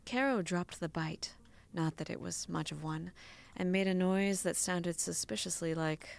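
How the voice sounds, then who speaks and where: A woman's voice: on the low side, a little slow, gravelly, hardly any pauses. A woman streamer reading a romance novel aloud to her co-host in an amused way, breaking into laughter now and then.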